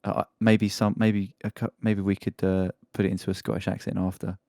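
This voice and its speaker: A man's voice: lowish voice, level tone, fairly quick, vocal fry, darkish tone, no room sound, studio quality. A man hosting a casual podcast, joking and rambling while reading a news story aloud. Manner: joking, rambling, laughs often. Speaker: podcast host.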